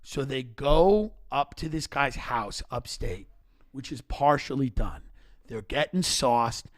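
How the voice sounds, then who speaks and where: A man telling comedic stories in a casual podcast chat, animated and rapid-fire, acting out the people in his stories. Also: medium pitch. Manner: animated, rapid-fire rants, acts out characters in quotes. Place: podcast studio.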